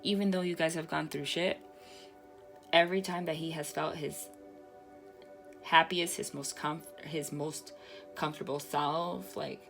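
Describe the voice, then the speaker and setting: A woman giving a casual tarot reading to camera, excitable and swearing, breaking into exclamations. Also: sits low, unhurried, gravelly, pauses often, faint music behind. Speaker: tarot reader.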